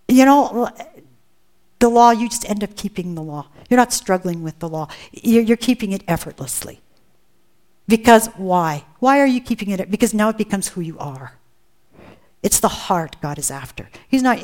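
Earnest woman preaching, fairly high voice. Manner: earnest and emphatic, with rhetorical questions. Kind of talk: sermon.

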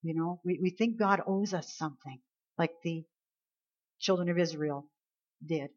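A woman with a lowish voice preaches a sermon conversationally at normal speed, rising into acted pleading and complaining voices as she tells the story. The sound is lo-fi.

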